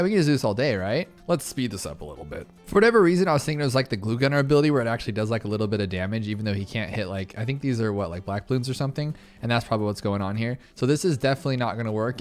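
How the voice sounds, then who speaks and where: Fast-talking excitable young man. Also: fairly low pitch. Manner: fast, excitable, full of fillers and self-talk. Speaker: gaming channel host. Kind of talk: casual gameplay commentary. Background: faint game music.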